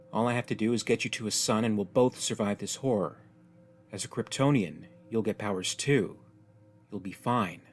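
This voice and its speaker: A man's voice: lowish voice, lightly acted. Hopeful Kryptonian hero, earnest and encouraging, voiced by a male storyteller.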